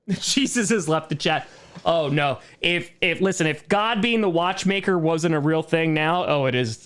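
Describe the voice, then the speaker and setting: A man's voice: a little high, measured pace, a bit bright, clean tone. A man hosting a casual livestream Q&A, rambling, breaking off mid-sentence and laughing often, turning earnest when he gives his opinions. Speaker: streamer host.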